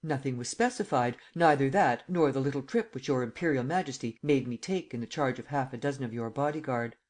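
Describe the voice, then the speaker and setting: Lupin, a cocky gentleman thief, read by a man. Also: mid-range voice, a little fast, lightly acted. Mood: calm. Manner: teasing, lively, rising to shouts. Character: gentleman thief, male adult, mocking and cocky.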